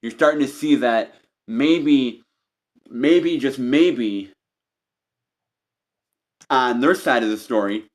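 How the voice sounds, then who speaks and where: Slow and pausing often, a mid-range male voice carries an unscripted tarot reading. The reader addresses "you" head-on, wandering through repeated ideas and often starting phrases over.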